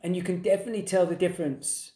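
A man's voice: high voice, fairly even intonation, fast talker, warm tone. Male co-host, 30s, rambling casual podcast chat, echoey room. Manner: rambling, restarts sentences.

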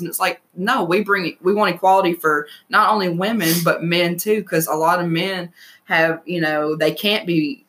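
A woman's voice: on the low side, fairly even intonation, normal speed, fairly bright tone. A young woman co-hosting a podcast in casual chat, a mother who talks frankly in long run-on thoughts. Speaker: co-host.

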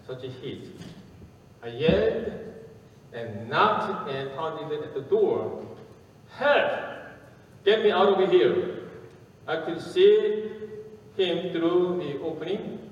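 A man preaching a sermon and telling a story, speaking haltingly with pauses and fillers, recorded from far off in an echoey hall. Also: a little high, dull audio.

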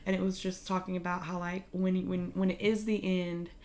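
Young woman with a lower voice, chatty and emotional, retelling a personal story in podcast style. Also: a little fast. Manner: animated, emotional retelling with many fillers. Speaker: guest telling her faith story. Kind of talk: casual conversational storytelling.

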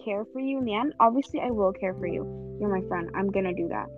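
A woman's voice: mid-range voice, fast. A teenage girl co-hosting a casual chat, talking earnestly and rambling with many restarts. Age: teens. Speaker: co-host. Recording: tinny phone-like sound, background music.

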